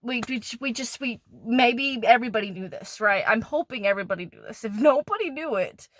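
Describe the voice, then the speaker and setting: A woman's voice: on the high side, lively intonation, brisk, fairly bright tone. A woman in a profane, rambling, angry rant done as an ASMR monologue, pissed off and disgusted, often stumbling and restarting. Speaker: ASMR creator.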